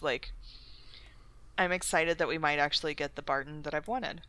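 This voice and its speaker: A woman co-hosting a casual podcast with a lowish, bright and smooth voice in a dry, close sound. She teases and heckles the others. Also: steady tone, normal speed, pauses often, no room sound. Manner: teasing, heckling. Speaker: podcast co-host and editor. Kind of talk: casual chat.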